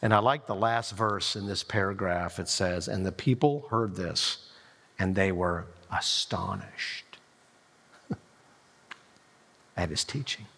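A man preaching a sermon, retelling a scripture story in a lively way with quoted lines. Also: lowish voice, unhurried. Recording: long reverb of a large hall.

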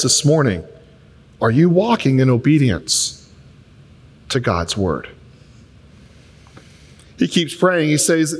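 A pastor delivers a sermon in a somewhat high voice, his words ringing with the long reverb of a large church hall. He tells stories animatedly, jumping between voices as he acts out little conversations. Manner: storytelling, plays both sides of conversations in quick voices. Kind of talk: sermon with acted-out dialogue.

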